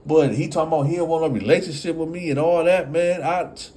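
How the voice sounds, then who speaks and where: A man's voice: high-pitched, big pitch swings, moderate pace, gravelly, dark tone, pitched above the performer's own voice, heavily acted. A man voicing a hot-headed man fresh out of prison who stammers when agitated.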